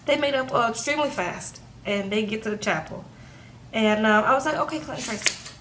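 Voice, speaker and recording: Speaking fairly quickly in a higher-pitched voice, a young TV reviewer casually recaps a reality show episode. She's chatty, constantly dropping "like" and asking "okay?", with background noise in the recording.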